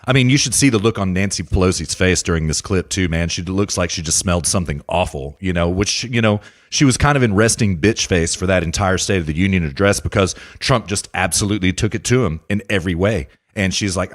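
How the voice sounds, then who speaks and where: Emphatic ranting podcast host, low-voiced man. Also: brisk, few pauses. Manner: emphatic, ranting, addresses listeners directly. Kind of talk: casual political podcast chat.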